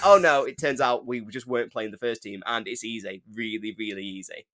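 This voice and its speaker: A man's voice: mid-range voice, brisk, hardly any pauses, fairly bright tone, no echo, clean studio sound. An English man co-hosting a football podcast, chatting in a jokey way with mock-indignant rants. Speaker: podcast co-host. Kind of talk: casual chat.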